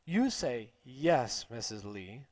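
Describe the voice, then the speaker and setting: Stern mean teacher lady barking orders, man putting her on, slow and dry storybook read. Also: mid-range voice, very animated, a little mellow, no echo, pitched below the performer's own voice. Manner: scolding, commanding. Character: stern strict female schoolteacher.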